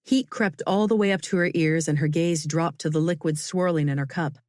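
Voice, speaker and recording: A woman narrating a novel in a measured, expressive reading. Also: deep voice, no room sound. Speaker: audiobook narrator. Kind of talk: scripted narration. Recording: dry, close studio sound.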